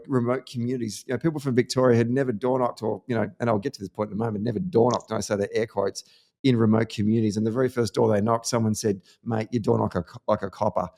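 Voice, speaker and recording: An Australian man hosting a podcast, chatting casually and telling lively campaign anecdotes. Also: medium pitch, fast. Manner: animated storyteller, lively anecdotes. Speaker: podcast host. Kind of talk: casual political chat.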